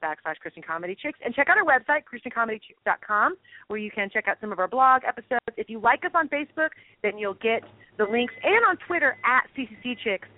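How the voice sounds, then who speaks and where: A woman's voice: on the high side, animated, quick pace, no room sound. A woman co-hosting a Christian comedy talk show, chatting casually in a bubbly, emotional way and laughing often. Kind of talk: casual chat. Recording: dry, tinny phone line.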